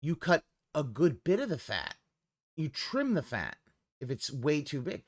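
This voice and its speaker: A man's voice: on the high side, a little slow. A man streaming live and commenting casually, rambling and swearing as he reacts to a clip. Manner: rambling, profane, animated.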